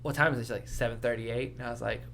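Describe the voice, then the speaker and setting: A man's voice: medium pitch, fairly even intonation, racing, vocal fry, fairly bright tone. Young man from arkansas, podcast co-host, rambling profane storyteller, faint hum behind. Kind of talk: casual chat.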